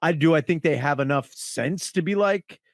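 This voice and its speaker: A man's voice: a little high, normal speed, dry recording, studio quality. A man comedian guesting on a podcast, talking loosely in slang and calling people dude. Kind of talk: casual comedy podcast chat.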